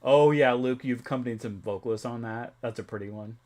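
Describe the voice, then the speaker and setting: A man's voice: medium pitch, a little fast, darkish tone. A young man chatting casually on a live stream, rambling with many fillers and restarts and laughing often. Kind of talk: casual chat.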